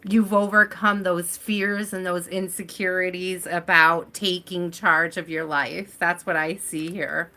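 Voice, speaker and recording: A woman's voice: lowish voice, level tone, a little slow, hardly any pauses, sharp tone. A woman hosting a live tarot reading stream, chatting casually and addressing viewers by name as she reads.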